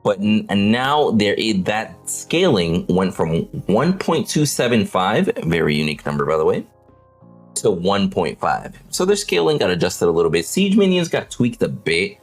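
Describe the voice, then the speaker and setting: A man hosting a casual livestream panel on game patch notes, energetic, swearing and often tagging lines with "right?". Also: lowish voice, normal speed, soft background music. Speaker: host of a game update panel.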